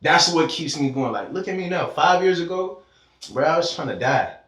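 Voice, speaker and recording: A man's voice: a little high, animated, moderate pace, a bit bright. Fervent man, echoey and far from the mic. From Georgia, US. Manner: fervent, preachy, swears freely. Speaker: podcast guest. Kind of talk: casual heart-to-heart conversation. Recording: echoey room, distant mic.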